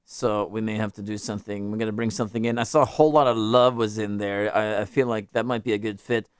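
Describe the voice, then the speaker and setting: A man's voice: lowish voice, fairly even intonation, fast, clean tone, dry recording, clean studio sound. A man hosting a live music stream, chatting casually with viewers, rambling and joking as he interrupts himself. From United States.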